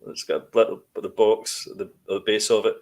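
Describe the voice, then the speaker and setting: A man's voice: lowish voice, flat delivery, a little fast. A man co-hosting a podcast, chatting casually and rambling with restarts. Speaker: podcast co-host. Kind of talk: casual chat.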